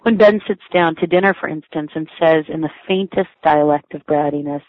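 A little fast and with few pauses, a woman with a low-pitched, steady voice reads her own blog essay aloud. She's wry and lightly amused at her own expense, and the audio is dry and tinny like a phone, with no room sound.

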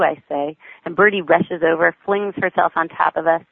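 A woman's voice: low voice, steady tone, moderate pace, vocal fry, few pauses, no echo. A mother reading aloud her personal diary essay in a wry, affectionate, plain manner. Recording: tinny phone-like line, dry.

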